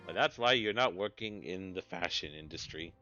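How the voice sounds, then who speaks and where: A male streamer chatting casually as he plays, often grumbling and correcting himself. His voice is low and bright. The recording is dull and lo-fi, with soft game music underneath. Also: lively intonation, moderate pace. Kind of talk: casual gaming chat.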